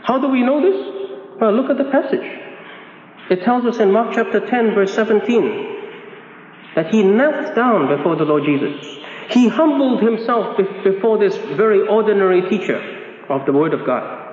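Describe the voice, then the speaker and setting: A man's voice: sits high, lively intonation, normal speed, slight background noise. A man preaching a sermon in a conversational, emphatic way, repeating key phrases. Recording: echoey hall, dull sound.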